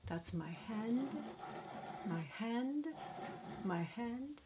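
A woman vlogger chatting casually as she tests a microphone plugged into her laptop, often dropping to a soft whisper. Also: mid-range voice, slow pace, noisy background. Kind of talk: casual demonstration. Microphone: small microphone plugged into a laptop.

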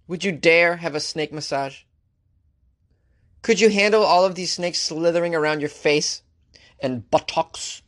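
A male talk show host reading out odd news stories and mocking them sarcastically, with big jumps in pitch. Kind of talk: comic news commentary.

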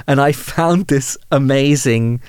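A man in his thirties from England, a humanist chaplain, telling a personal story candidly in a podcast interview, self-deprecating and lively when amused. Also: mid-range voice, slow pace, smooth, dry recording.

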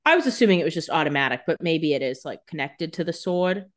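Woman co-host with a lowish voice, blunt and playful, casual chat. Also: animated, fast talker. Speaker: podcast co-host. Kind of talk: casual banter.

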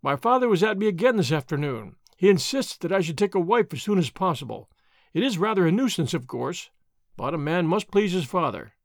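A man's voice: high voice, expressive, brisk, gravelly, no room sound, clean studio sound. A man reading aloud as a languid, mocking young Spanish nobleman, in an old adventure storybook, with a drawling, idle delivery.

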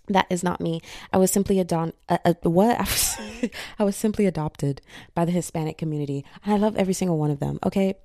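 A young woman hosting a podcast in slangy, animated casual chat, feeling a bit unwell. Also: fairly low pitch, fast, no echo, studio quality. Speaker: podcast host.

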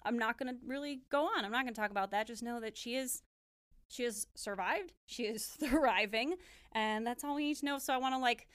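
Animated young woman podcast host. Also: on the high side, brisk, clean tone. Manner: animated, laughs often, swears freely. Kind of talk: casual true-crime chat.

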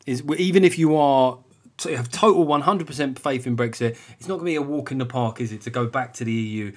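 A man in his forties hosting a podcast, talking bluntly and casually with lots of swearing and "right?" tag questions. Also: fast talker. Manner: restless pitch jumps when emphatic. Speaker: podcast host.

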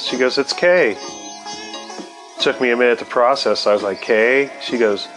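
A man's voice: medium pitch, moderate pace, a bit bright. Laid-back, profane man with faint sitar music. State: high. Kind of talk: casual storytelling.

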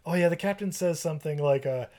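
A man's voice: a little high, quick pace, a little mellow. A man retelling a movie plot on a podcast in loose, casual chat. He rambles, laughs a lot and often trails off mid-thought. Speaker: podcast co-host. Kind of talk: casual comedic movie recap.

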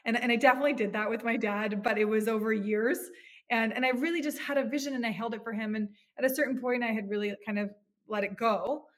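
A psychotherapist in her thirties appears as a podcast guest, talking earnestly and reflectively and frequently restarting her phrases. Her voice is on the high side and steady, and she talks fast.

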